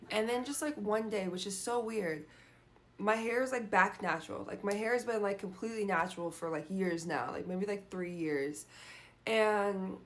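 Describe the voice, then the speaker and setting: A woman's voice: mid-range voice, fairly bright tone. A young woman venting in a casual monologue, frustrated, swearing often and filling her talk with "like". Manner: frustrated, frequent "like" fillers and swearing. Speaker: vlogger.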